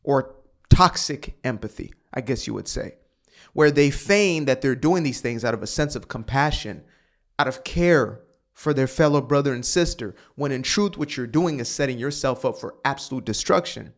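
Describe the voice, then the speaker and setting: Guy ranting on his channel, mid pitch, sighs and hammers points home. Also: animated, normal speed. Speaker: host. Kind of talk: commentary monologue.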